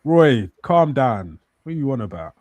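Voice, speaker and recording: A man's voice: medium pitch, sing-song, moderate pace, darkish tone, no room sound. A man co-hosting a casual football chat in a laid-back, agreeable way. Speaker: co-host.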